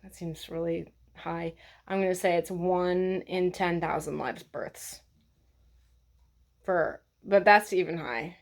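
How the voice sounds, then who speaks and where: A woman's voice: fairly low pitch, takes it slowly. A woman vlogger talking in a blunt, sarcastic, profane way as she rants to the camera. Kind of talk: casual ranting vlog.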